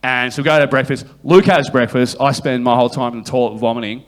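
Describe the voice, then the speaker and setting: A man, a comedian, tells a long, sweary story on a live podcast. He rambles with restarts and puts on quick voices for the people in it. His pitch sits in an ordinary middle range. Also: fairly even intonation. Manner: profane, rambling anecdote-telling with quick voiced quotes. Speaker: guest comedian.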